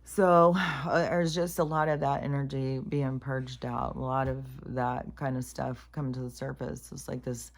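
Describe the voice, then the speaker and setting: A woman's voice: a bass voice, flat delivery, moderate pace, few pauses. A woman giving a casual spiritual monologue to camera in a blunt, profane, rambling way. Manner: plain-spoken, calls herself raunchy. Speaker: spiritual vlogger.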